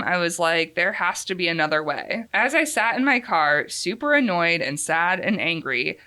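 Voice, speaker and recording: A woman reads anonymous confession stories aloud to her co-host. Her voice is bright and her pitch moves in wide, lively swings. She breaks into laughter between passages. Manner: laughs often between lines. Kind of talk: reading stories aloud with reactions.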